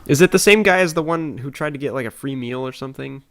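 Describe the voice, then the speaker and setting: A man's voice: mid-range voice, fast talker, no room sound. Laid-back young man, dry remarks. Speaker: podcast co-host. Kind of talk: casual chat.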